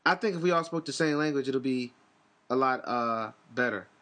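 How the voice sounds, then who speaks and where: A man's voice: mid-range voice, moderate pace, fairly bright tone. A man in casual comedic banter, rambling and crude, jumping between ideas and slipping into mocking voices.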